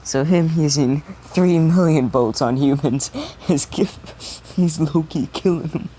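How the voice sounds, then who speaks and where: A man's voice: fairly high pitch, unhurried, dark tone, a little hiss or hum, poor audio. A man casually retelling a story, rambling with many restarts and casual swearing.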